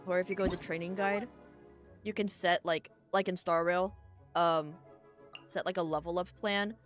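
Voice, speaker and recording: A woman streams a game in casual commentary, her voice on the low side. She rambles, thinks aloud and curses often. Loud game music runs under her voice. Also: steady tone, normal speed.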